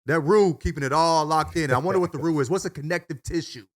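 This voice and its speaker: A man with a high-side voice talks fast while co-hosting a podcast. It's a casual chat, animated and full of swearing and filler.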